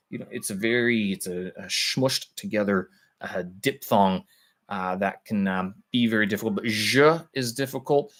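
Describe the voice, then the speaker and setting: A man on a live stream, thinking aloud with halting speech as he explains language points to his viewers. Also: fairly low pitch, fairly bright tone. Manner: halting, searching for words with many pauses.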